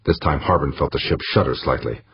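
A man with a husky voice reading a story aloud in a measured way. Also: a bass voice, lo-fi sound, a little hiss or hum. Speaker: audiobook narrator. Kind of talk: scripted narration.

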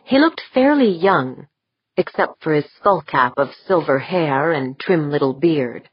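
A woman narrating an audiobook with a low, husky voice. She reads steadily and measured, recorded dry with a slightly dull sound. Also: expressive, no room sound.

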